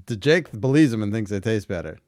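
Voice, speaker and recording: A man's voice: lowish voice, expressive, fast, darkish tone, dry recording, studio quality. A man co-hosting a casual chat show, teasing his co-host and swearing bluntly. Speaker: podcast co-host.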